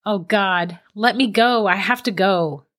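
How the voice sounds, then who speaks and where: A woman's voice: mid-range voice, measured pace, lightly acted. A woman voicing a frightened young man in shock, pleading desperately in a storybook reading. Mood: panicked.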